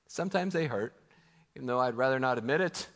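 A man's voice: mid-range voice, animated, moderate pace. A man in his thirties with a Midwestern American accent, preaching a sermon in a casual, conversational way, with laughing asides and acted-out prayers. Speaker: pastor. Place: church sanctuary. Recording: church hall with long reverb.

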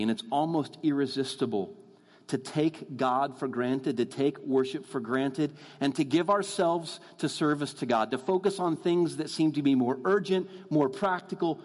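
A man preaching a sermon in a church, earnest, calling his listeners "folks" and slowing down to stress his points. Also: medium pitch. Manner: earnest, addresses the crowd as folks, slows down for emphasis. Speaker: guest preacher. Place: church sanctuary. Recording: long hall reverb.

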